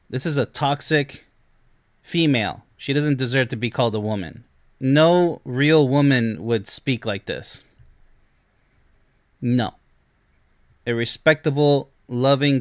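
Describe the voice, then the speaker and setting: A man's voice: medium pitch, no room sound, clean studio sound. A man who works as a relationship coach, commenting on messages he reads out and chuckling between his points. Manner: chuckles often, talks to the viewer directly.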